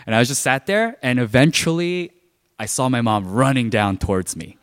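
Telling a sermon through a personal story, this pastor speaks casually and keeps saying "like" among many fillers. His mid-range voice is animated and fairly bright, at a moderate pace. The recording has a long hall reverb.

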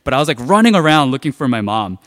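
In a long, reverberant hall, a pastor preaches by recounting a personal story in a casual, conversational manner, using "like" over and over. His mid-range voice swings widely in pitch, moves fast, and has a fairly bright tone.

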